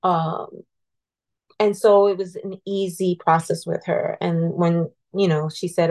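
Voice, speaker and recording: A woman guest telling a personal story in an earnest, heartfelt, halting way. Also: fairly low pitch, steady tone, darkish tone. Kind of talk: personal storytelling in a podcast conversation.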